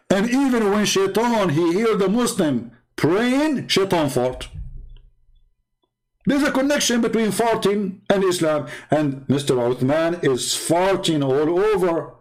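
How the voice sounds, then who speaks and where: An online debate host with a high-sitting, tinged voice speaks in an animated, unhurried way. His monologue is mocking: taunting, sarcastic, and full of words repeated for emphasis.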